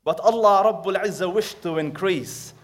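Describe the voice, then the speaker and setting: A man preaching a sermon, telling a story with acted quotes and quick recited Arabic verses, moving between loud emphasis and hushed asides. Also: high voice.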